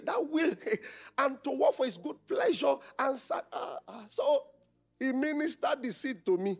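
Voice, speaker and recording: High-voiced Nigerian pastor preaching. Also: male voice, expressive, a little slow, creaky, faint music behind. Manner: call-and-response, shouting questions. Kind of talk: sermon.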